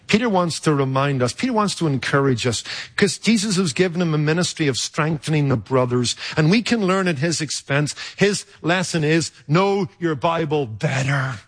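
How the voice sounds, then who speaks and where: Emphatic, fairly high-voiced male preacher. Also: expressive. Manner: emphatic and rhetorical, with dramatic pauses and sudden shifts in loudness. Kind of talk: sermon.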